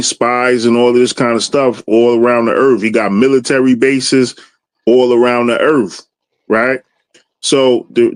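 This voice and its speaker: A man's voice: mid-range voice, no room sound. A man with a mid-range voice talks in an easy, rambling way, checking in with his listeners as he goes. The sound is dry and close, with no room around it. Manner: loose, conversational, frequent "you know what I mean". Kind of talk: casual religious discussion.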